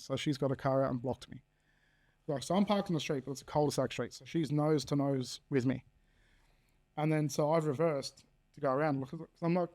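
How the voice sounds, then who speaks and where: A man's voice: fairly high pitch, fairly even intonation, a little fast, a little mellow. Blunt Australian man in his thirties. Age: 30s. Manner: blunt, swears freely, acts out quoted dialogue. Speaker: podcast guest. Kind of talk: candid personal storytelling.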